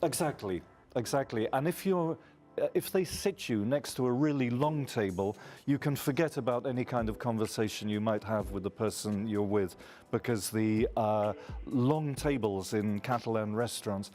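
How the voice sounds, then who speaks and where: A man from London, telling unhurried stories as a guest on a radio chat show. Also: on the low side, a little mellow.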